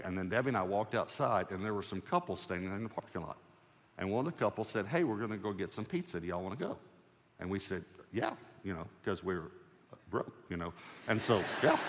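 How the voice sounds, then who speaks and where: A male preacher giving a sermon testimony as a lively storyteller who acts out his own dialogue with the Lord. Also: deep voice, big-room sound.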